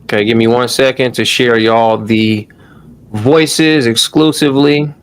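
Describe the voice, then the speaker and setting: A man runs a relaxed live-stream lesson in a loose, chatty way, tossing in the odd curse and a steady "y'all". His voice sits at an ordinary middle pitch for a man. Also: a little slow, smooth. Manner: loose and chatty, swears, calls the audience "y'all". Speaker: online course host. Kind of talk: casual live-stream tutorial.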